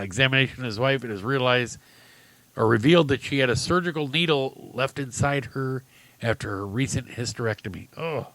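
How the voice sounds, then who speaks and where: A man's voice: mid-range voice, bright, forceful tone, no echo. Male talk-radio host, loose and rambling, chuckles often. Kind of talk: casual talk-radio storytelling.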